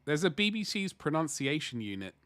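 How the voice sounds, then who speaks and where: A man's voice: a little high, sing-song, brisk, a bit bright, no echo. Rambling man streaming while painting. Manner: rambling, chatty, self-deprecating, thinking aloud. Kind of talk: casual live-stream chat while painting.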